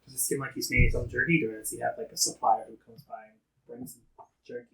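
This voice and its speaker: A man's voice: medium pitch, flat delivery, fast, vocal fry, fairly bright tone, recorded from a distance, a little hiss or hum, low-quality recording. Curious man, a bit off-mic. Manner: curious, asks lots of questions. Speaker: tabletop game player. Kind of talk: casual game chat.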